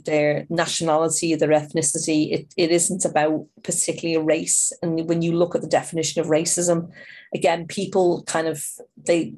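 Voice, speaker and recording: A woman's voice: deep voice, darkish tone. A middle-aged woman from Ireland, an outreach worker answering interview questions in a rambling way with many restarts.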